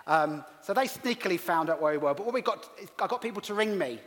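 A middle-aged English pastor preaches a sermon in a church hall, its long reverb audible. His high-pitched, slightly bright voice is lively and quick as he tells stories with self-deprecating humour.

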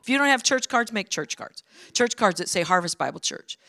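A woman's voice: on the high side, animated, brisk, sharp tone, dry recording, studio quality. A woman guest speaker preaching a sermon in a church, telling stories in an emphatic, conversational way. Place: church sanctuary.

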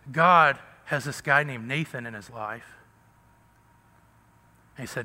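Pastor guy preaching casual-style, super bright forceful voice, big hall echo. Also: medium pitch, slow, pauses often. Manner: conversational preaching, keeps asking "right?". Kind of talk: sermon. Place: church sanctuary.

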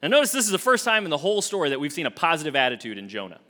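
A young adult man, an associate minister, preaching a sermon with expressive swings from emphatic to hushed. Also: fairly high pitch, racing.

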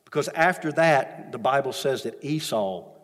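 A man's voice: mid-range voice, animated, normal speed. A man preaching a sermon as a pastor, retelling the story with emphatic repetition, recorded in a church sanctuary with long reverb.

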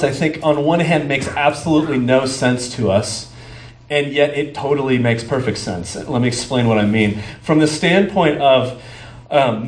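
With a medium-pitched, darkish voice, a man delivers a sermon as a pastor in a church sanctuary. His talk is conversational, broken by fillers while he looks for words, and the room is echoey with faint ambience.

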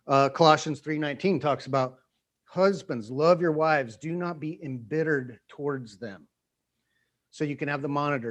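A man's voice: fairly high pitch, normal speed. A man preaching a conversational sermon to a small group, repeating phrases and acting out quoted voices. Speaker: pastor.

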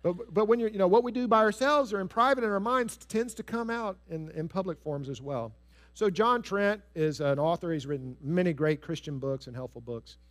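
A man preaching a sermon in an earnest, storytelling way, stressing key phrases and dropping soft on others. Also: sits high, a little fast. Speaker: pastor.

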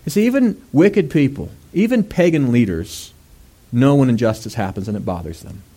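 A male preacher retelling a scripture story in a casual, chatty way, with fillers and quick asides. His voice sits in an ordinary middle pitch. He keeps building up to loud, emphatic stretches. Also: breathy edge. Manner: animated, rising to raised emphatic delivery; conversational asides with fillers and laughs. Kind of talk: sermon.

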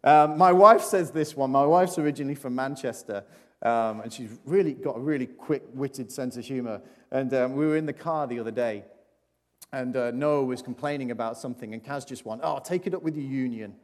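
In a church service, a man with a mid-range voice speaks fairly quickly as he gives a playful children's talk, chatting and putting questions to the audience. The recording has the long reverb of a large hall.

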